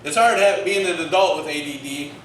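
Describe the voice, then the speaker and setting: A man performing a stand-up comedy set on a club stage, delivering one-liners and acting out bits in excited voices. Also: on the high side, brisk. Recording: roomy, distant, noisy club recording.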